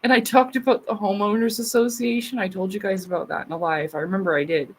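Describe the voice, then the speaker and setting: A woman's voice: medium pitch, steady tone, fast talker. A woman, chatting casually to her livestream viewers in a blunt, profane way. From Canada. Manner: blunt and profane, with frequent laughs. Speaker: streamer.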